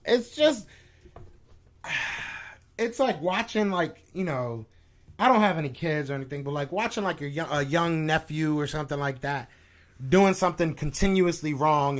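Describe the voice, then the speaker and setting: A man hosting a sports podcast live stream, venting in a frustrated, slangy, repetitive casual rant. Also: a little high. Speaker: podcast host reacting to chat.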